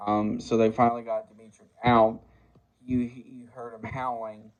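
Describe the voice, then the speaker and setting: A man in his sixties casually recapping a movie plot, halting often with fillers and restarts. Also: mid-range voice, level tone, lo-fi sound. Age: 60s. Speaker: movie reviewer.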